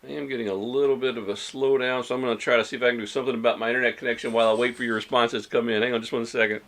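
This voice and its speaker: A man leading a casual livestream church study, easygoing and halting with many fillers as he reads out viewer replies. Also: medium pitch, fairly even intonation, a bit bright. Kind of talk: casual livestream group chat.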